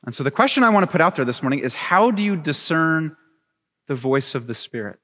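A young adult man preaching a sermon, reading scripture and then telling a chatty, animated story with laughs. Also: on the high side, brisk. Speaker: pastor. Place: church sanctuary. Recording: long reverb of a church hall.

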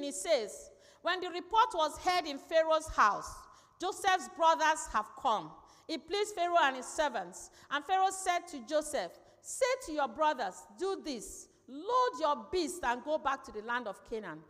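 High-voiced woman preaching in a reverberant hall. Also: a bit bright. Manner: emphatic, repeats key phrases, asks the congregation questions. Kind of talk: sermon. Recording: long reverb in a large hall.

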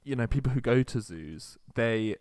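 A man co-hosting a podcast in casual chat, relaxed, laughing easily and explaining with lots of fillers. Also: mid-range voice, moderate pace, no room sound, studio quality. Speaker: podcast co-host.

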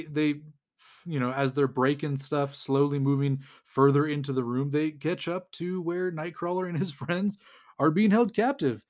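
A man hosts a casual comic-book recap in a somewhat high voice. He rambles along, chuckles often, and acts out the lines of the characters.

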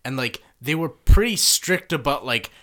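A man's voice: fairly high pitch, moderate pace. A man co-hosting a casual chat, joking and swearing in easy banter. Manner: lively, profane, joking banter.

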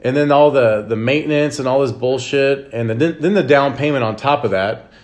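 A man's voice: mid-range voice, normal speed. A man hosting a casual podcast chat, easygoing, who retells stories by acting out what people said.

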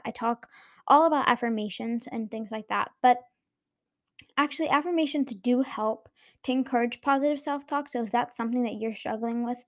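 A woman's voice: a little high, darkish tone. A young woman hosting her own podcast, talking casually and earnestly, encouraging her listeners directly. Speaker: podcast host. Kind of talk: casual solo podcast talk.

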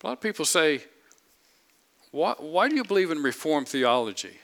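Pastor, male, bright forceful tone, emphatic delivery, rhetorical questions. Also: a little high, very animated, normal speed, creaky. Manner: emphatic, repeats phrases, asks rhetorical questions. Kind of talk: sermon.

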